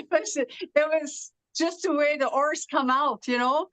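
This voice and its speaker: A middle-aged interview guest from Los Angeles, United States, with Irish-sounding R's, tells stories in casual conversation, using many "uh" fillers. Her voice sits high and a bit bright, and she takes it slowly. There's no echo, though the audio is poor.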